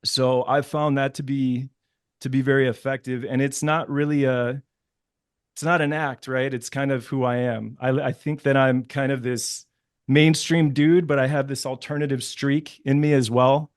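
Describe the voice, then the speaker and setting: A man's voice: medium pitch, little pitch movement, normal speed, no echo. Man, dating coach, reflective casual talk, searches for words, dry sound. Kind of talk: casual panel chat.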